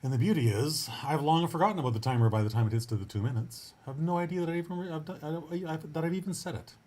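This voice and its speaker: A man's voice: on the high side, racing, a little mellow. A man hosting his own show as a writing coach, talking in a casual, earnest and encouraging way, often restarting his sentences. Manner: earnest and encouraging, with frequent restarts and upbeat asides. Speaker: writing coach and podcast host. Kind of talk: casual motivational coaching monologue.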